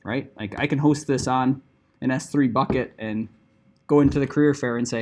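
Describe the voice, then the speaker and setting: A man's voice: mid-range voice, steady tone, moderate pace, darkish tone. A middle-aged man teaching a class, explaining a project in a casual, conversational way full of "like" and "right?" asides. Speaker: instructor. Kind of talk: classroom lecture.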